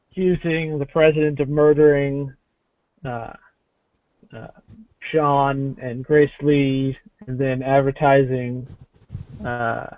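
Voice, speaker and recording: Brusque, irritated man doing a female official, slow and deliberate, over a tinny call line. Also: medium pitch, no room sound, natural voice. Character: annoyed female vice president, brusque and demanding. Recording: tinny phone-like call audio.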